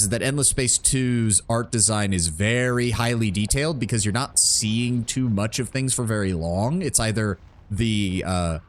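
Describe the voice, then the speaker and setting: A man giving casual, rambling live commentary while streaming a game, thinking aloud and swearing freely. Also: fairly low pitch.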